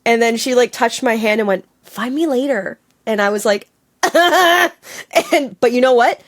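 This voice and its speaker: Guest: woman from Canada, higher-pitched, lively storyteller who laughs and acts out her lines. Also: a little slow. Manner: animated, laughing, acts out her own quotes. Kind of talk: casual storytelling interview. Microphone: on camera, video call.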